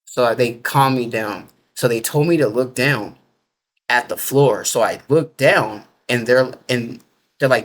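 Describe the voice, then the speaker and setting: A man's voice: mid-range voice, unhurried. Rambling man telling a personal story. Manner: loose, rambling talk full of "like" and restarts; nonstandard everyday grammar. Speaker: interviewee telling a near-death experience.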